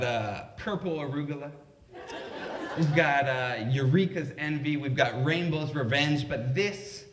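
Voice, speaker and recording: A man voicing a relaxed male shop clerk who slips into smooth salesman patter. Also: medium pitch, distant mic, slight background noise, natural voice. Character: laid-back tall male dispensary clerk, salesman. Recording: echoey room.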